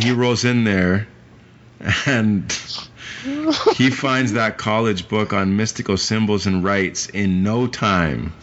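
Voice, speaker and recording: Deep-voiced man rambling on a lo-fi podcast. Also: a bit bright. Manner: rambling and profane, with drawn-out asides. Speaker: podcast co-host. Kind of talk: casual movie-review chat. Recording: muffled lo-fi recording with faint hiss.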